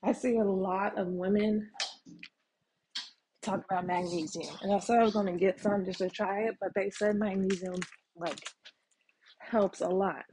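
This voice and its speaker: A woman's voice: medium pitch, fairly even intonation, normal speed, pauses often, warm tone, slight background noise. A woman hosting a casual solo podcast, talking frankly with lots of ums and casual swearing. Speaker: podcast host.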